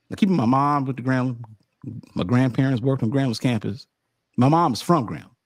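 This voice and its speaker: A man from California telling a story in casual podcast chat, animated and emphatic, insisting he is not making it up. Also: medium pitch, a little fast, dry recording. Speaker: sports podcast roundtable co-host.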